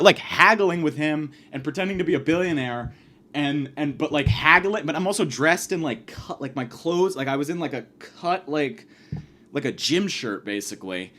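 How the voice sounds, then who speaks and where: A man hosting a podcast, telling a rambling, profane comic story in a casual, animated way. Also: on the high side. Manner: profane, rambling, fast, lively delivery. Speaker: podcast host.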